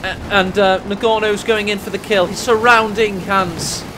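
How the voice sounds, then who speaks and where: A high-pitched man calls a strategy game match with jokey, excitable energy, his voice climbing into shouts at the big plays. Faint gunfire and engine sounds from the game run underneath. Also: normal speed, noisy background. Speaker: game caster. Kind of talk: energetic esports commentary.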